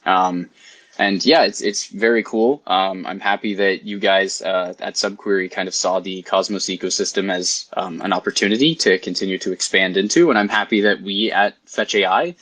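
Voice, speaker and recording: A man's voice: low voice, moderate pace, fairly bright tone. A man hosting a casual online community session, talking easily with frequent fillers. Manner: easygoing, filler-heavy. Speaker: community developer and host. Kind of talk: casual online panel talk.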